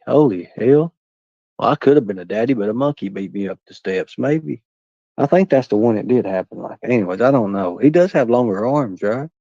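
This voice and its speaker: A man's voice: mid-range voice, a little mellow, no echo. A man hosting a casual livestream, reading the chat aloud and trading crude jokes with his viewers. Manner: rambling, crude joking banter with viewers. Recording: dull, dry, lo-fi sound.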